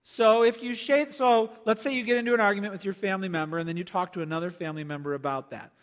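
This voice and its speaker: A man preaching a sermon as pastor, animated and acting out the voices of people he quotes. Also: high voice, fast talker, in a large hall.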